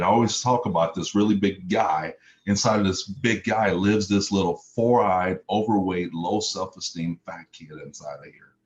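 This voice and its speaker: A man's voice: low-pitched, lo-fi sound, slight background noise. A middle-aged man from Mississippi, giving an earnest personal testimony as a motivational speaker, stacking up repeated phrases for emphasis. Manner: earnest, repetitive lists with emphatic rises.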